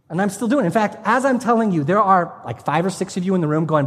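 High-voiced preacher in an echoing church. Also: male voice, fast talker, hardly any pauses, a bit bright. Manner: passionate, conversational preaching with humor. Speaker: pastor. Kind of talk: sermon. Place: church sanctuary. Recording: long hall reverb from a church room.

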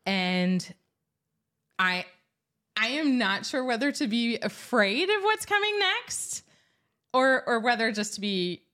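Bright, lively woman attorney co-hosting. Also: fairly high pitch. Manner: playful, amused, quick to laugh. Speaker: attorney, co-host. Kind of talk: casual podcast chat.

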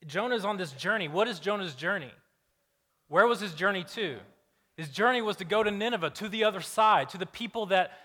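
A man preaching a conversational sermon, casual and animated, asking the congregation questions and acting out the voices he quotes. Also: high-pitched. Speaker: pastor.

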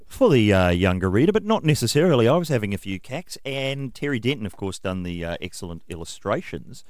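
A man hosting a radio show, animated and jokey, in a studio. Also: on the low side, fairly quick, dry recording. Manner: animated, jokey, talks over others. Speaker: radio host. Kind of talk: casual radio chat. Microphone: studio microphone.

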